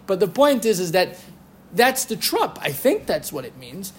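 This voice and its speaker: A man giving a lively lecture on Jewish law, quoting rabbinic sources and chanting Hebrew phrases. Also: high-pitched, moderate pace, slight background noise. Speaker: Torah teacher. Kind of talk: halachic lecture.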